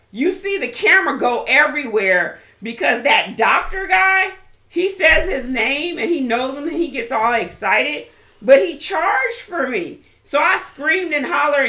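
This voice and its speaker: Lively woman with a bright, bouncy voice. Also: high-pitched, reverberant. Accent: Southern US. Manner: lively, talks over her partner, laughs. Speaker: co-host, host's wife. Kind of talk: casual storytelling chat.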